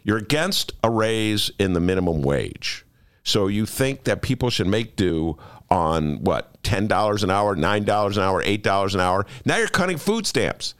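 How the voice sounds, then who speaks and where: A man's voice: on the low side, big pitch swings, normal speed, a bit bright, smooth, no echo, clean studio sound. A man hosting a political talk radio show, riffing sarcastically with jokey asides to his listeners.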